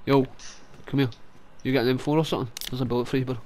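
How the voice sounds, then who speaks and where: A man's voice: medium pitch, steady tone, racing, a little mellow, a little hiss or hum. A man with a Scottish accent, trash-talking and swearing in gameplay voice chat. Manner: brash, sweary trash talk. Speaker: gamer.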